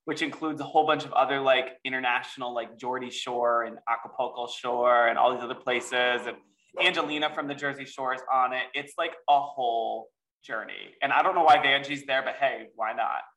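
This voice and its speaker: A man's voice: medium pitch, steady tone, brisk, fairly bright tone, distant mic, low-quality recording. A man hosting a casual podcast chat, playful, teasing and dramatic. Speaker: podcast host.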